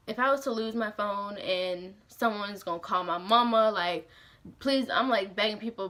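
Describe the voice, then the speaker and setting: Bright-voiced young woman telling a story. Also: mid-range voice. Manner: animated, slangy and profane, heavy use of "like". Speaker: vlogger. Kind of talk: casual storytime vlog.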